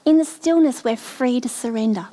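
A middle-aged woman delivers a sermon in a high voice. She speaks slowly and from the heart, weaving a personal story into her message. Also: warm tone. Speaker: preacher.

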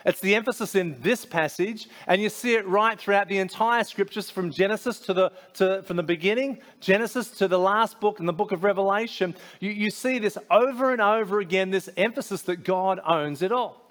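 A man's voice: high voice, a little fast, hardly any pauses, a bit bright. A man preaching a sermon as a pastor, conversational, with frequent fillers and restarts.

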